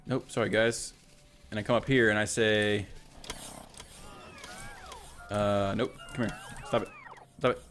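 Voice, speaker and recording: A man's voice: fairly low pitch, fairly even intonation, a little slow, pauses often, fairly bright tone, faint music behind. A man casually narrating his own gameplay, thinking aloud, correcting himself and chatting to the units on screen. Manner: thinks aloud, self-correcting, talks to the robots. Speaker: let's play host.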